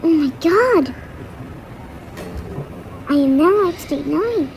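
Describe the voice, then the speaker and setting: A woman's voice: very high voice, animated, pitched above the performer's own voice, exaggerated voice, low-quality recording. A woman voicing a teenage robot girl who has just been transformed and keeps gasping and crying out in alarm, in a fan-made audio drama. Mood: stunned. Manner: repeated gasps and cries of alarm, slow. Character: teen robot girl, freshly transformed, panicky. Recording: loud background noise.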